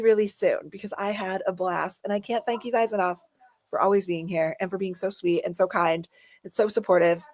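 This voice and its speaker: A woman's voice: medium pitch, no echo. Bubbly woman chatting on a livestream. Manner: bubbly, chatty, thanks viewers warmly. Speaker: livestream host. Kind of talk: casual live chat reading comments.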